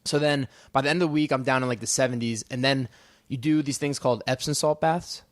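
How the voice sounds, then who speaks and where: A man's voice: mid-range voice, steady tone, fast, no room sound, clean studio sound. A young man with a North Jersey accent, a fighter chatting casually on a podcast and telling stories in loose, rambling bursts. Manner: loose, rambling storytelling with restarts. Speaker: guest, professional fighter.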